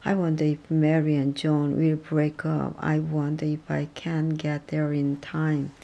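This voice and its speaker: Woman, reading practice sentences aloud, halting, self-correcting, dark mellow tone. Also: deep voice, completely flat delivery, gravelly, dull audio. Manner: halting, stumbling over words and restarting. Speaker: reader.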